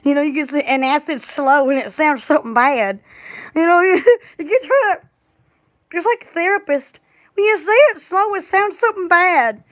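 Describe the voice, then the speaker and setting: A woman's voice: very high-pitched, expressive, moderate pace. A woman chatting casually on a live store video, giggly and silly, drawing out words playfully. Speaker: store vlogger.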